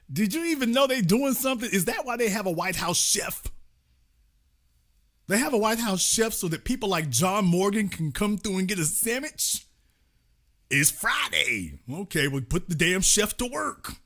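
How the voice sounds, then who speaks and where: A man hosting a live commentary show, ranting in a sarcastic, mocking, profane way, with fast bursts and slow, drawn-out emphasis. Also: sits high, sing-song, fairly bright tone. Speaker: political commentary host.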